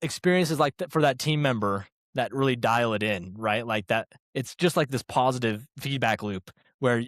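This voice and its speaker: Animated man telling stories, dry close mic. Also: medium pitch, moderate pace, dry recording. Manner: animated, acts out quoted dialogue, many fillers like "like" and "right?". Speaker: guest, former restaurant training director. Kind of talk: casual conversational storytelling.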